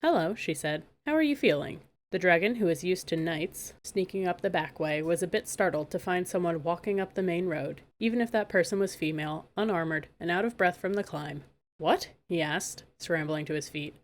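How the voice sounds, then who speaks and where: Woman reading a storybook, slightly low. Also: brisk, hardly any pauses. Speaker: audiobook narrator. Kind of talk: storybook narration.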